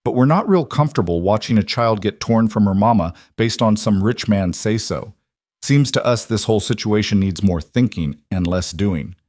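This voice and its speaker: A man voicing a calm, weathered ranch hand who speaks with quiet authority. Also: fairly low pitch, moderate pace, dry recording, clean studio sound.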